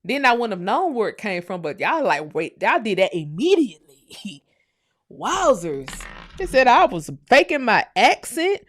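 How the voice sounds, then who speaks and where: A woman with a Southern US accent hosting a casual livestream, ranting loudly, cursing and laughing as she talks. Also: fairly high pitch, big pitch swings, unhurried, slight background noise. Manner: loud, profane and laughing. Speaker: livestream host.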